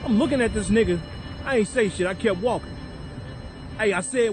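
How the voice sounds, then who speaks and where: A blunt, foul-mouthed man tells a heated story in a high, strained voice. He sits inside a car, and clear music plays behind him the whole time. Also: normal speed. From Chicago. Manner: profane, blunt, confrontational. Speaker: vlogger.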